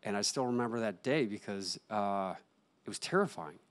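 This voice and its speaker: A young adult man, a guest on an interview show, telling a personal story in an earnest, halting way with many restarts. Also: fairly low pitch, animated, a bit bright. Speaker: interview guest, actor and author.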